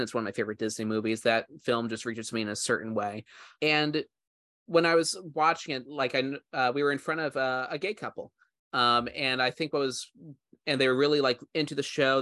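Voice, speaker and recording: A man's voice: mid-range voice, fairly bright tone, no echo, studio quality. A man co-hosting a podcast, chatting casually in a rambling, heartfelt way with many fillers. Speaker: podcast co-host. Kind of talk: casual chat.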